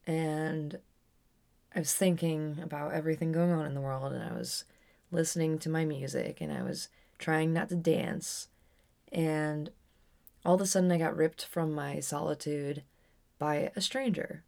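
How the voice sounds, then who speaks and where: A woman's voice: deep voice, steady tone, a little slow, gravelly, darkish tone. A young adult woman telling a personal story on her podcast in a candid, rambling way with frequent restarts. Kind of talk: casual storytelling monologue.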